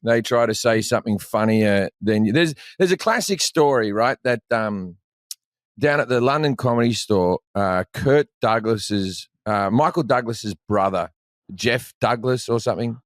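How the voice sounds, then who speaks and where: A man rambles through his stories at an ordinary middle pitch, dropping curse words as he goes. He sounds like a comedian on a podcast, talking casually to the hosts. The recording is dry and close. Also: unhurried, no room sound. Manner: rambling storyteller, swears freely. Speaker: comedian guest.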